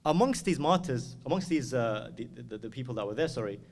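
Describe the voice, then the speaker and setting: A man giving an impassioned sermon at a mourning gathering in a community hall. He urges and pleads like a storyteller, then moves into loud chanted elegy. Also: mid-range voice, expressive, brisk.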